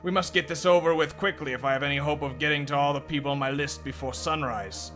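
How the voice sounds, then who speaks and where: A man voicing a scruffy male goblin peddler in a game's text, hurried and fussy. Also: fairly high pitch, steady tone, fairly bright tone, faint music behind, close to an everyday voice.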